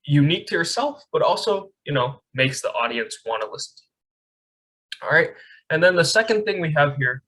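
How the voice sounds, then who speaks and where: A man's voice: a little high, sing-song, moderate pace, bright, forceful tone, rough recording. A young man teaching a speech class over a video call, conversational, often checking in with "right?". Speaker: speech camp instructor. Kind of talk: online lecture. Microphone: webcam on a video call.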